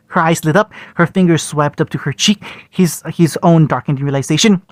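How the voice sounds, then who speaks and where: A man's voice: a little high, brisk, dry recording. A man reading a fan fiction story aloud, often stumbling and restarting words.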